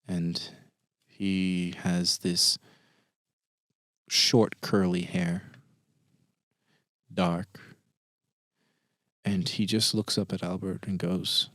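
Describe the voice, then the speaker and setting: A man runs a tabletop game as narrator and voices the people his players meet. His voice is somewhat low and the recording dry. In tense moments he drops into a hushed tone. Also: level tone, very slow, long pauses, no room sound. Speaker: game master.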